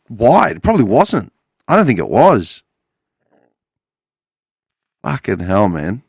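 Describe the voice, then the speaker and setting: A man in his forties rambles through a casual podcast monologue, swearing freely and correcting himself as he goes. His voice sits fairly low. It is recorded close and dry, with little room sound. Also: wildly swooping pitch, slow, gravelly, long pauses, slightly rough, dry recording. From Australia. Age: 40s. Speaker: podcast host.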